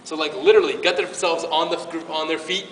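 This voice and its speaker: A man's voice: a little high, brisk, distant mic, very noisy. Earnest man speaking in an echoey hall. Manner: earnest and emotional, with frequent restarts. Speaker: parish youth ministry speaker. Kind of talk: informal faith talk to a youth group.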